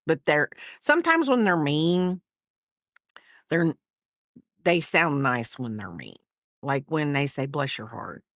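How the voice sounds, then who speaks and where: A woman chats casually on a livestream while crafting at home, wandering from topic to topic and apologizing for herself a lot. She speaks slowly with long pauses, her low, slightly bright voice swinging widely in pitch. There's no echo, and the audio is clean studio sound.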